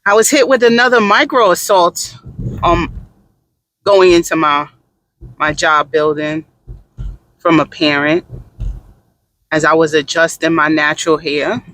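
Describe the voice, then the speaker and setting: A man doing sassy, animated gossip commentary in a casual vlog, with dramatic asides. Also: fairly high pitch, measured pace, long pauses, a little hiss or hum. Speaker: vlogger.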